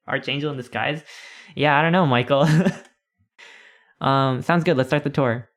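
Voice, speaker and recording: A man's voice: mid-range voice, unhurried, long pauses, a bit bright. A man streaming a text adventure, reading it aloud with playful, rambling asides.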